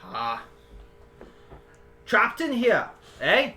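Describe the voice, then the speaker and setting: A woman's voice: mid-range voice, huge pitch swings, drawn-out words, sharp tone, voice pushed up, full character voice. A woman putting on a tall owl-feathered guardian with a jumbled put-on accent. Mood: indignant.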